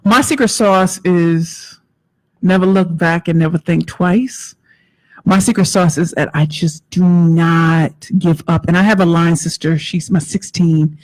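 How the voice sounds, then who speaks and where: A woman's voice: on the low side, steady tone, a little slow, darkish tone, low-quality recording. A woman with a Nigerian accent, a guest coach, talking in an emphatic, motivational way and often repeating her phrases. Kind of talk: interview conversation.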